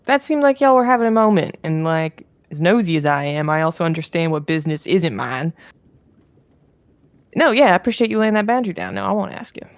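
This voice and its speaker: A woman's voice: fairly low pitch, fairly quick, no echo, natural voice. A woman voicing a nosy, eager young adventurer woman who chatters in a bubbly, rambling way in a tabletop game. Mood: chirpy.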